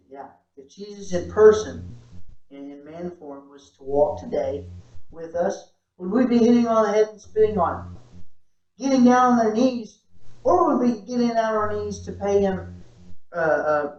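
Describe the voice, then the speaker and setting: A man's voice: a little high, normal speed, darkish tone. A male pastor preaching a conversational sermon to a small church audience, often checking in with "right?" and asking rhetorical questions. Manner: casual, repeats "right?", asks rhetorical questions. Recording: roomy, distant, dull-sounding church recording.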